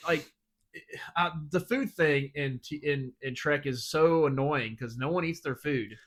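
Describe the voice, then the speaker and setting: A young man with a slightly high voice, co-hosting a podcast in loose, profane chat. He laughs often and answers with dry, sarcastic asides. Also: measured pace. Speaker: podcast co-host.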